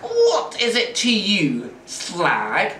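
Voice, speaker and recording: A man reading aloud, voicing a pair of rough teenage bully twins who speak in loud, blunt threats. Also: a little high, wildly swooping pitch, extremely slow, exaggerated voice. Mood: menacing. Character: thuggish teen twin bullies, rough. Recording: roomy, distant mic, faint hiss.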